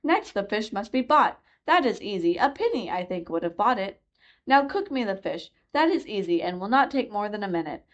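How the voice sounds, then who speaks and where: A woman voicing a gentle, cooing queen who speaks softly in a storybook reading. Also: medium pitch, big pitch swings, normal speed, highs cut off, lightly acted. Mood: sing-song. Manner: soft, cooing.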